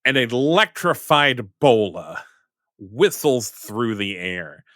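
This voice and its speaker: A man's voice: mid-range voice, sing-song, slow, a bit bright, dry recording, clean studio sound. A man narrating a tabletop role-playing game as game master, rambling with fillers.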